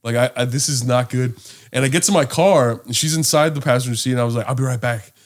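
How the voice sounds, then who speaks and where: A man co-hosting a podcast, telling a story in a relaxed, casual way, swearing often. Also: mid-range voice, fast. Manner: relaxed, swears often, mimics his own past lines. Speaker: podcast co-host.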